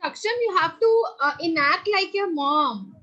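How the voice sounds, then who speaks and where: A woman's voice: very high voice, lively intonation, measured pace, sharp tone, dull audio. A young woman who patiently guides students through an online drama class over a video call. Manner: patient, encouraging, explains step by step. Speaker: drama teacher.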